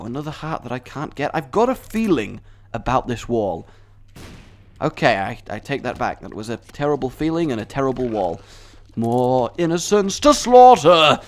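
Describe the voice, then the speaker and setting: A young man giving casual, jokey, self-deprecating commentary while playing a video game. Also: mid-range voice. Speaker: gameplay commentator. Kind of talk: casual let's-play commentary.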